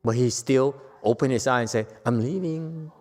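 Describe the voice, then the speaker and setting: A Buddhist teacher delivers a dharma lecture in a temple hall, speaking in a flat, darkish mid-range voice at a slightly fast pace. He talks with the audience in a teasing, conversational manner, asking them questions.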